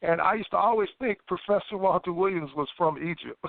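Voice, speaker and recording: Man, fairly high voice, phone-line sound, animated storyteller, stammering restarts. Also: a little fast, gravelly, dry recording. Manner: animated, stammering restarts, acts out his own past thoughts. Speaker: guest telling his story. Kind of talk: casual phone interview storytelling. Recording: tinny phone line, dry.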